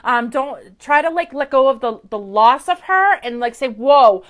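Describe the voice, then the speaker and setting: A woman's voice: high-pitched, lively intonation, moderate pace, a bit bright. A woman psychic medium giving effusive live-stream readings to viewers, chatty and gushing with many fillers, into a webcam or phone mic.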